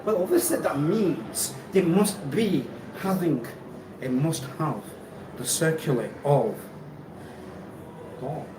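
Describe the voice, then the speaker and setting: A man hosting a live stream, rambling and halting, who repeats himself and laughs often. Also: a little high, expressive, far from the mic. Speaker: livestream host. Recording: echoey room, off-mic, noisy ambience.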